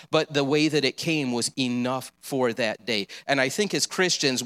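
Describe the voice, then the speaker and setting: A man's voice: medium pitch, bright, forceful tone. A man preaching a sermon, earnest and encouraging, with casual asides.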